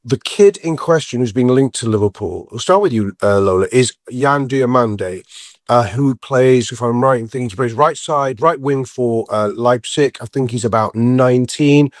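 A man's voice: mid-range voice, moderate pace, no echo, clean studio sound. A man hosting a casual football chat, joking and rambling while he has a cold. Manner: jokey, self-deprecating, rambling. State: sick with a cold. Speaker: podcast host.

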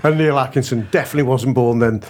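A man hosts a casual football podcast in a chatty, self-correcting way. He laughs often between lines, in a voice of ordinary middle pitch. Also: fast, a little mellow. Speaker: podcast host.

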